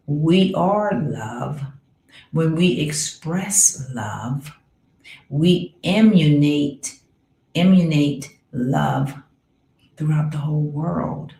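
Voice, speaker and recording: A woman giving a slow, affirming spiritual talk, with soft murmured asides. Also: low voice, creaky, echoey room, rough recording. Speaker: spiritual coach.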